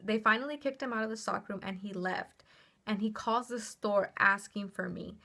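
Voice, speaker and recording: A young woman telling a personal story on her vlog in a chatty, animated way, with lots of "like" and casual swearing. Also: medium pitch, moderate pace, gravelly.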